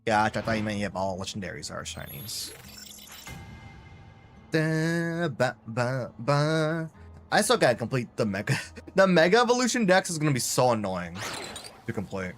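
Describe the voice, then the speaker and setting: A man's voice: on the low side, very animated, fast talker, faint music behind. A man live-streaming a video game, chatting casually and rambling to his viewers. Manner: chatty, rambling, talks to chat. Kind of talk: casual gameplay commentary.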